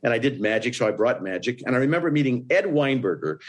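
A man from Indiana, a guest in an interview, telling stories in a lively way and jumping into other people's voices. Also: fast talker. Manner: animated, breaks into voices with big jumps up in pitch. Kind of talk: storytelling in an interview.

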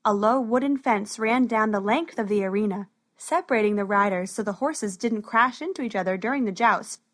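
A woman narrating a storybook in a steady, even way. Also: mid-range voice, a little fast.

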